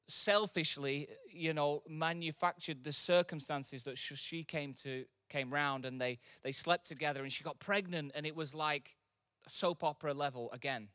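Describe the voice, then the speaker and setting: A man preaching a sermon. He talks casually, then swells into loud, impassioned preaching. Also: fairly high pitch, fairly even intonation, normal speed, hardly any pauses, no room sound, clean studio sound. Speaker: pastor.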